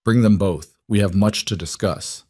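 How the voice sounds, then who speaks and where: A man's voice: lowish voice, moderate pace, warm tone, dry recording, studio quality, lightly acted. A man voicing a cold, menacing Russian crime boss in an audio story, with clipped, broken-English threats.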